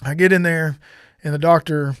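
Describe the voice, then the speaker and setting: A man's voice: on the high side, fairly even intonation, moderate pace, a bit bright, smooth, no echo, clean studio sound. A middle-aged man earnestly telling a personal story on a podcast, rambling and often restarting his sentences. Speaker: podcast guest sharing testimony.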